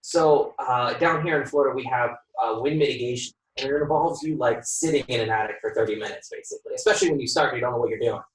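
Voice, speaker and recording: A home inspector being interviewed tells his stories with energy, slipping into the voices of the people he quotes and laughing along the way. His voice is of ordinary pitch for a man. It reaches the listener from a mic set well back, in a room that echoes. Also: fast, few pauses. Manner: lively storyteller who acts out quoted dialogue and laughs often. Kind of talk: podcast interview storytelling. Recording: roomy sound from a distant mic.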